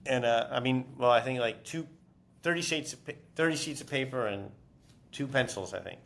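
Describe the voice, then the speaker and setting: A man's voice: medium pitch, moderate pace, vocal fry, fairly bright tone. A man being interviewed as an author, telling stories casually with many fillers and restarts.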